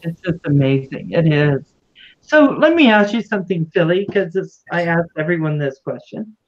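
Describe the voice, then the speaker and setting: A woman's voice: lowish voice, animated, moderate pace, slight background noise. Chatty woman hosting a lo-fi livestream. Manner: chatty, affectionate greetings to viewers. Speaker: livestream host. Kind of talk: casual livestream chat.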